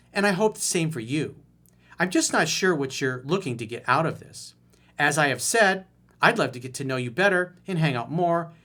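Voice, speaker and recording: A man's voice: a little high, fairly bright tone. A man putting on the voice of a curt, demanding woman who brushes off a suitor, speaking in a prim, clipped, dismissive way.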